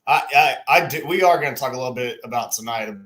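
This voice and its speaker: A man's voice: mid-range voice, quick pace, a bit bright. A man co-hosting a casual fishing livestream from home, greeting viewers by name in a loose, slangy way. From Texas. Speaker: podcast co-host. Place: home room.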